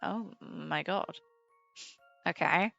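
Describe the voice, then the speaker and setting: A woman's voice: lowish voice, very slow, vocal fry, a bit bright, dry recording. A young British woman streaming a puzzle game, chatting casually, swearing freely and laughing along with her chat. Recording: slightly dull sound with faint game music.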